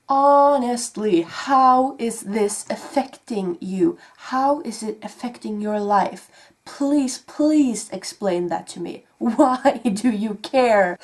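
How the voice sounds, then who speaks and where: A woman's voice: mid-range voice, a little mellow. A woman vlogger talking to her viewers, defiant and blunt, sighing and swearing. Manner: defiant, slow, with sighs and swearing. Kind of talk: played vlog clip.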